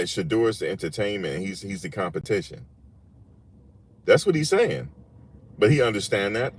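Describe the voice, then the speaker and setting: A man with a very low voice riffs through a casual sports reaction, slangy and emphatic. He keeps circling back to repeat his points, and a faint hiss of noise sits under his voice. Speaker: sports commentary channel host.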